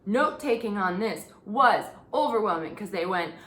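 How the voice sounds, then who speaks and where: Animated, joking woman in an echoey room. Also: mid-range voice, moderate pace. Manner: animated and joking, swearing, with asides and whispered gags. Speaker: recap show host. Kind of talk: casual comedic recap monologue.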